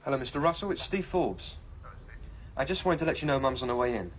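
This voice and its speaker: Young actor as a fidgety teen son. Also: male voice, mid-range voice, animated, fast, fairly bright tone, slight background noise, natural voice. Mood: earnest. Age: teens. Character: touchy teenage son, restless and quick. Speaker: son awaiting exam results. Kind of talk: 1980s British TV drama.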